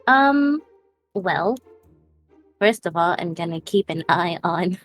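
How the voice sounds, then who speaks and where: A woman's voice: on the low side, animated, slow, no room sound, soft background music. A woman playing a tabletop game, friendly and a bit hesitant, often laughing. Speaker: player. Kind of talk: casual tabletop play.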